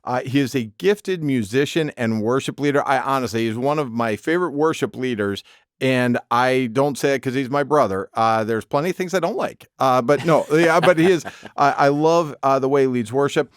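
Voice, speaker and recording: A man's voice: medium pitch, normal speed, smooth, dry recording, studio quality. Upbeat man co-hosting a podcast. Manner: friendly, upbeat, laughs easily. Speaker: podcast co-host. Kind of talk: casual chat.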